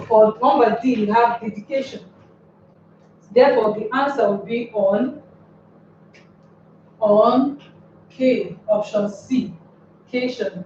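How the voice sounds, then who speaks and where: A woman teaching an English lesson, explaining slowly and repeating words, asking rhetorical questions. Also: a little high, a little hiss or hum. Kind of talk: recorded classroom tutorial. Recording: roomy, distant, dull recording.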